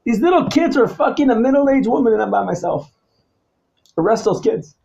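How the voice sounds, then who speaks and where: A man talking alone to the camera, swinging between low mutters and loud, angry, profane outbursts and repeating himself. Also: expressive, moderate pace, creaky, muffled recording. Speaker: vlogger. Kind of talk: rambling solo monologue to camera.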